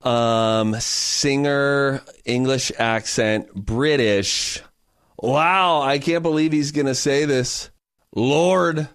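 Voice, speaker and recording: A man's voice: medium pitch, steady tone, drawn-out words, a bit bright, clean tone, dry recording, clean studio sound. A man co-hosting a radio show, bantering playfully and haggling over a guessing game. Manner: jokey, bargaining, mock-irritated. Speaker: radio co-host.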